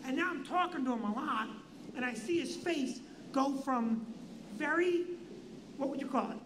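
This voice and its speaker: Older man, high voice, animated comic storyteller, noisy stream audio. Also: normal speed. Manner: animated, does voices of people in his story. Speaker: comedy club owner and host.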